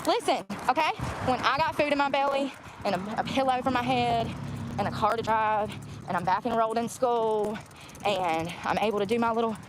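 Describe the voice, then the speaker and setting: Her voice sits slightly high and moves at a normal speed as she rants profanely to her vlog audience. She's outdoors near a road, and the recording plainly picks up passing traffic.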